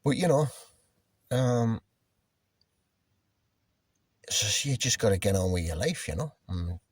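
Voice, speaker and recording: A man's voice: fairly low pitch, expressive, normal speed, breathy edge, dry recording. A man casually telling a personal story, rambling and swearing, with lots of restarts and fillers. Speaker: musician telling a personal anecdote.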